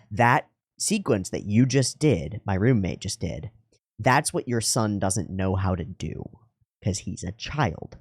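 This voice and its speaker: A man's voice: fairly low pitch, animated, measured pace, slightly rough, no echo, studio quality. A man hosting an anime reaction video, thinking aloud in earnest, musing commentary with frequent restarts. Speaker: anime reaction channel host. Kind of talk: reflective commentary.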